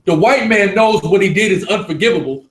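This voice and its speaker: A man leading a live religious class, preaching forcefully and repeating points for emphasis. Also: sits high, brisk, roomy sound, poor audio.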